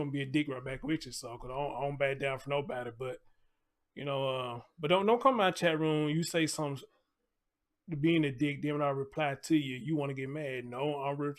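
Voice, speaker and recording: A man, his voice pitched a bit high, talks casually on a livestream. He is blunt and laid-back, full of slang, and stops often to greet viewers by name. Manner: blunt, laid-back, slangy, reads chat names aloud. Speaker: YouTube livestream host.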